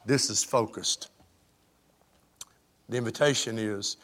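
A middle-aged man preaching a sermon, fervent, rising to loud highs and falling to soft lows. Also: moderate pace, pauses often. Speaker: pastor.

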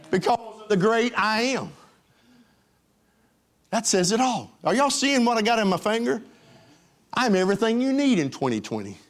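A pastor preaching a sermon in a church, urging his congregation on and calling for their responses. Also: high voice. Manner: exhorting, calls for congregation response. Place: church sanctuary.

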